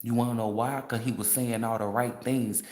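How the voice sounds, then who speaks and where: A man's voice: medium pitch, fairly even intonation, moderate pace, darkish tone. A man who reads tarot, ranting in a casual livestream in a brash, profane way and laughing often. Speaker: tarot reader. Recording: roomy echo.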